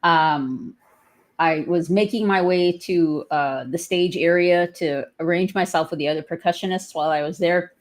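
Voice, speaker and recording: A woman's voice: fairly low pitch, moderate pace. A woman who drums at protests, chatting on a live stream in a wry, articulate way. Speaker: guest, protest drummer. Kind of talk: casual live-stream chat.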